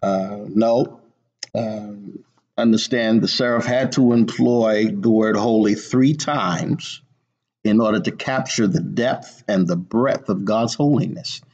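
Male preacher, slow sermon delivery, repeats for emphasis, dull lo-fi recording. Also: fairly low pitch, a little mellow, breathy edge. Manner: slow and deliberate, repeats words for emphasis, frequent "uh". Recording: dull lo-fi sound.

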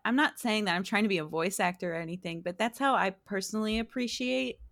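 A woman's voice: mid-range voice, fast talker, a bit bright, no echo, clean studio sound. A woman being interviewed about her streaming, chatting casually, laughing often and restarting her sentences. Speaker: streamer guest.

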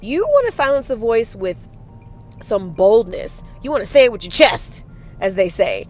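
A woman hosting a solo motivational podcast, talking in an energetic, emphatic and casual way with some swearing. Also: fairly high pitch, moderate pace, soft background music. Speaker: podcast host.

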